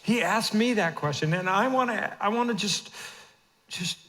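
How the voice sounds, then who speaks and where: A man in his fifties preaching a sermon as senior pastor in a church auditorium, moving from hushed asides to shouted emphasis. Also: high voice, normal speed. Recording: long reverb of a church hall.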